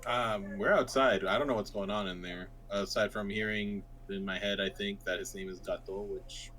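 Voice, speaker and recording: A man's voice: on the low side, steady tone, moderate pace, a bit bright, a little hiss or hum. A man playing in a tabletop game, chatting casually and self-deprecating, laughing often. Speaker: player. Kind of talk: casual chat.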